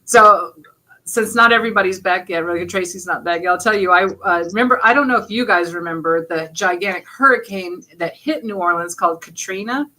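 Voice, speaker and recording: A woman hosts a quiz over a video call, her voice bright and forceful. She chats and tells stories with a ready laugh, easy and unscripted. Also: lowish voice, fairly quick, rough recording. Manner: chatty, laughing storyteller. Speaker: quiz host. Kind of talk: casual chat and quiz hosting.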